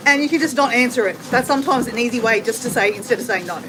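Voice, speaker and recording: Walking on a treadmill, a middle-aged Australian livestream host with a high voice talks fast and answers her viewers' comments in a friendly, casual way, a bit effortful from the exercise. Renovation banging at her home comes through clearly in the noisy background.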